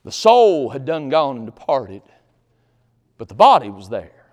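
A male pastor preaching a sermon in a church, swinging from loud shouts to quiet pleading. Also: medium pitch, big pitch swings, unhurried, big-room sound. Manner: impassioned Southern preaching with sudden loud shouts. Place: church sanctuary.

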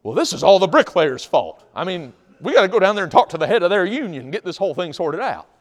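Man doing a mad, loud construction guy pointing fingers, voice pitched up, big echoey hall. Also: very animated, fast talker. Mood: indignant. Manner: loud, indignant, blaming. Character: angry quarrelling male construction worker. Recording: long hall reverb.

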